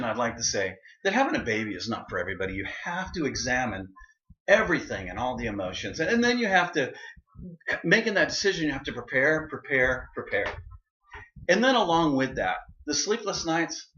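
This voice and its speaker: A man's voice: medium pitch, very animated, a little fast, sharp tone. A middle-aged man giving a personal speech to an audience, telling a story and acting out the voices he quotes. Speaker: speaker. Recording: dull, roomy hall recording.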